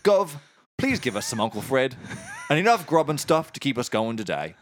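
Guy doing a goofy cockney accent that keeps sliding australian, hammy, pitched up. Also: very animated, normal speed, slight background noise, close to an everyday voice. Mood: mock-reverent. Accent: put-on Cockney, slipping Australian. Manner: exaggerated, laughing through the reading. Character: hammy man in a comic Cockney voice. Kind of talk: comic reading aloud.

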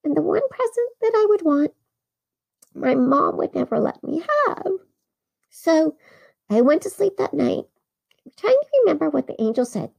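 A woman narrating a first-person Christmas story in an earnest, animated way. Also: sits high, normal speed, creaky, long pauses. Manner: earnest, animated, with small laughs.

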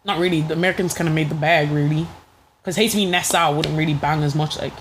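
A young woman hosting a podcast, loud and teasing, full of slang in casual chat. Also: low voice, fairly even intonation, quick pace, slight background noise. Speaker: podcast host.

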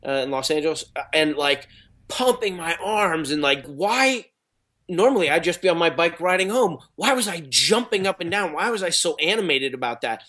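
A man's voice: mid-range voice, a bit bright. A middle-aged man who is an actor and speaker, telling stories in a rambling, casual way, full of restarts and fillers. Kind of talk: casual interview talk.

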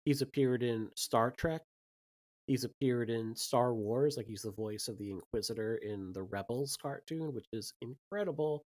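A man's voice: medium pitch, normal speed, a little mellow. A man co-hosting a casual film podcast, chatting and listing an actor's roles with frequent "like" fillers. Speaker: podcast co-host.

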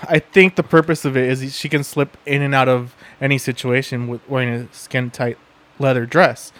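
A man's voice: medium pitch, level tone, a bit bright. A man co-hosting a podcast in casual chat, cracking profane jokes and laughing along. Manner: slow, wisecracking, profane, laughing. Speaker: podcast co-host.

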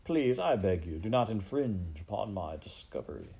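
A man voicing a sly male rat who guides a mouse through the dark, speaking in a hushed, gloating near-whisper. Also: fairly low pitch, big pitch swings, moderate pace, vocal fry, a little hiss or hum. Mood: silky.

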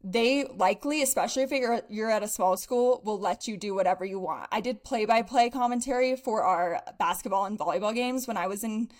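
A woman's voice: mid-range voice, a little fast, few pauses. A young woman co-hosting a podcast, chatting casually and upbeat, a little out of breath and laughing often. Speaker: podcast co-host. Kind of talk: casual chat.

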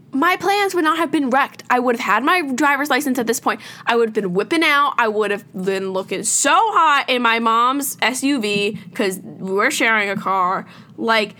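High, bright exasperated teen girl. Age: teens. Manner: dramatic, exasperated, filler-heavy valley-girl talk. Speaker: vlogger. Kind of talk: casual rant to camera. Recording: crackly noise.

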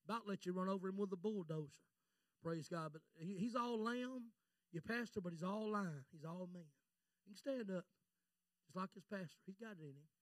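A middle-aged man preaching a fervent Pentecostal sermon, swinging from shouts to hushed storytelling. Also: high voice, a little fast, no echo. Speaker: visiting preacher.

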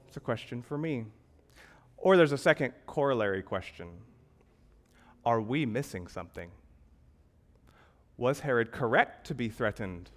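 A male pastor preaching a sermon, asking rhetorical questions and swinging between emphatic, loud lines and hushed ones. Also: medium pitch.

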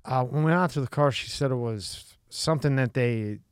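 A man in casual podcast talk, blunt and full of profanity, who drives the conversation with questions. His voice sits at a middle pitch. The recording is dry and close. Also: fairly quick, clear, resonant tone, no echo. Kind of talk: casual chat.

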